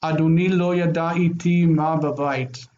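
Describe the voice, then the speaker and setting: A man teaching a Biblical Hebrew lesson, reading verses aloud and translating them, repeating key phrases slowly. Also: a little high, fairly even intonation, darkish tone, muffled recording.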